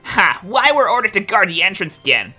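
Sulky male villain grunts stuck on guard duty whine through game dialogue, as a man reads them in character. The tone is piercingly bright, and the pitch jumps all over. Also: sing-song, a little fast, soft background music, exaggerated voice. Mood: bored griping.

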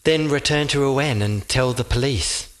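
A man's voice: medium pitch, normal speed, a bit bright, pitched above the performer's own voice, lightly acted. A man voicing a polite, proper male animal hero who talks in a prim, slightly weary way.

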